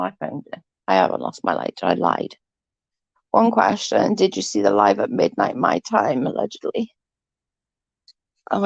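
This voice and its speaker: A gravelly, darkish mid-range female voice comes through a close computer mic on a dry, dull recording. She's a livestream host with hay-fever congestion, casually chatting with viewers and reading their comments while swearing freely and giggling.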